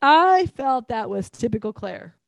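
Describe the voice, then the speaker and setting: A woman's voice: fairly high pitch, sing-song, creaky, no echo. A woman co-hosting a podcast, chatting casually about an episode and asking her partner questions. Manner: chatty, prompting questions and quick agreement. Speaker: podcast co-host.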